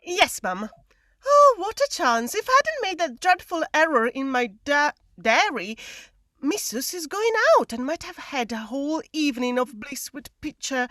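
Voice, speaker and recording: A woman's voice: high-pitched, a bit bright, no room sound, clean studio sound, full character voice. A woman reading the part of a flustered young housemaid, full of fretful asides, in an old comic play. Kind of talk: script read-through.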